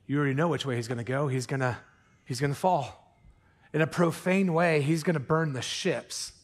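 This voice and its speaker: A man with a fairly high voice preaches in a church, earnest and animated. He swings from urgent appeals down to a near-hush to press a point, then loosens into casual, joking asides. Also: normal speed. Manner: animated preaching, drops to hushed intensity for emphasis; jokey asides with put-on accents. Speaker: pastor. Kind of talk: sermon. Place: church sanctuary.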